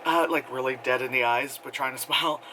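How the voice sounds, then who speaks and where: A man with a mid-range voice and fairly even intonation talks a little fast over a noisy background. He's a movie reviewer giving a casual, rambling take on a film, packed with fillers, frequent laughter and impressions of the characters.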